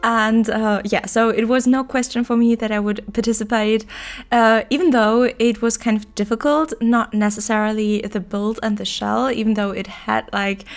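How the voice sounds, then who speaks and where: A woman's voice: a little high, steady tone, moderate pace. Sick, nasal-voiced woman narrating a build. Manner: chatty and enthusiastic, with many "like" and "uh" fillers. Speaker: Sims builder and YouTuber. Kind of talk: casual voice-over narration of a speed build.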